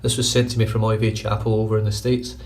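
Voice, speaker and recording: A man's voice: on the low side, little pitch movement, fast, darkish tone. Glaswegian man, middle-aged, sweary casual chat, phone mic from a distance in a bathroom. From Scotland. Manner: swears freely, chatty. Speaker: shaving vlogger. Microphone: phone camera.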